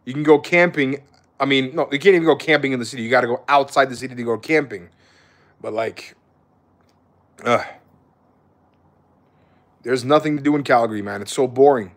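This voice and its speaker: A man's voice: medium pitch, brisk, long pauses, a bit bright. A young man chatting casually on a live stream, laid-back and swearing freely, calling viewers bro.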